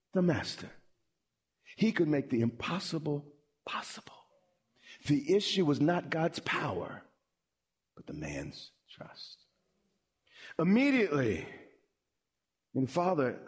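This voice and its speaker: Pastor guy preaching, husky, swings his pitch up and down a lot. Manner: animated preaching, repeats words when emphatic. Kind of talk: sermon.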